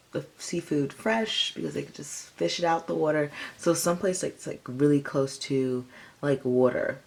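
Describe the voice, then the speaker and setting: A woman giving a casual tarot reading, rambling with lots of fillers. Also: low-pitched. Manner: rambling, filler-heavy, chatty. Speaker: tarot reader.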